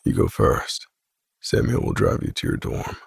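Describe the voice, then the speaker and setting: A man's voice: moderate pace, dry recording, clean studio sound, natural voice. A man voicing a brooding, possessive young man who talks in curt, cold lines. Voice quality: deep gravelly low voice. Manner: curt, clipped threats.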